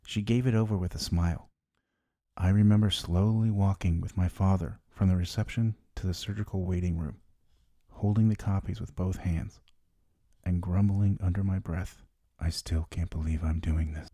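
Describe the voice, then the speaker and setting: A man's voice: sits low, dark tone, no echo. A middle-aged man hosting a podcast, telling his own story in wry, candid scripted narration into a close mic. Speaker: podcast host.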